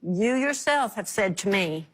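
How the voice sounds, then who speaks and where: A woman's voice: medium pitch, expressive, measured pace. Earnest, accusing grandmother on a talk show. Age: older. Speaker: guest, grandmother. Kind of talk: emotional talk show testimony.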